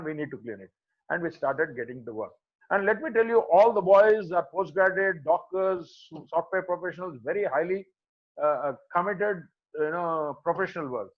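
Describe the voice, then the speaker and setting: A man's voice: fairly high pitch, lo-fi sound. A man in his fifties with a Telugu-flavoured Indian accent, telling a devotional story at a satsang and acting out the voices of the people in it, over an online call. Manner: animated, acts out the voices of people he quotes. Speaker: devotee sharing memories at a satsang. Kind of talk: storytelling talk.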